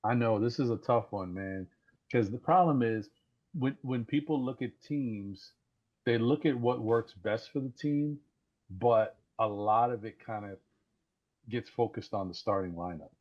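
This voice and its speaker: A man calling in to a live sports talk show over a voice chat, talking excitedly and rambling, often repeating words as he restarts. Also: medium pitch, measured pace. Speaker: caller. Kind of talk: casual call-in sports talk. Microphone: Discord voice call. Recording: dull lo-fi call audio.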